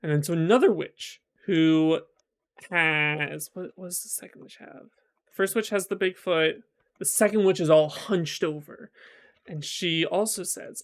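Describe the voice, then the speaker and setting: A man's voice: on the high side, steady tone, moderate pace. A male streamer casually retelling a folk tale, chatty and rambling with lots of fillers. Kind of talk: casual storytelling while gaming.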